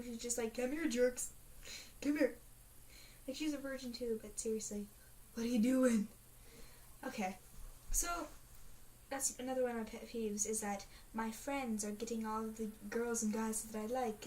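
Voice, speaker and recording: A teenage girl chatting in a casual video diary, rambling and dramatic, full of fillers. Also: on the high side. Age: teens. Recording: faint hiss, mic a bit distant.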